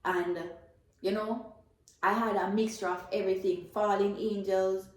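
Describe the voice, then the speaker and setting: A woman's voice: mid-range voice, fairly even intonation, a little slow. Woman, Jamaican accent, faith testimony, earnest and emotional, repeats words, very echoey room. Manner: earnest, emotional storytelling with repetitions. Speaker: testifying believer.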